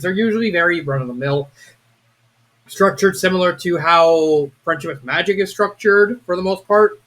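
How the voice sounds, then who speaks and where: A young man giving a casual, rambling video review of a fan story, excitable and prone to restarts. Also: high voice. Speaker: fanfiction reviewer.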